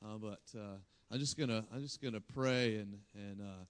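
A man preaching to a church and praying softly, often restarting with fillers. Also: lowish voice. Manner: halting, many restarts and fillers, breathy hushed prayer. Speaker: pastor. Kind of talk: sermon with prayer.

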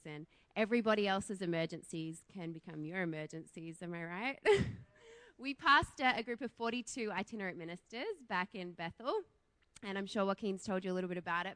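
A woman's voice: mid-range voice, fairly bright tone, no echo. A young woman speaking as a guest at a church, bubbly and chatty. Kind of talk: sermon.

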